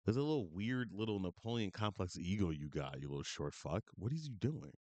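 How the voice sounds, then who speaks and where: A man in full angry commentary mode, berating and swearing with open disbelief. His lowish voice swings widely up and down as he rants. The sound is close and dry, with no room around it. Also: sing-song, a little fast, darkish tone, no room sound. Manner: profane, berating, incredulous ranting. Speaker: commentary streamer.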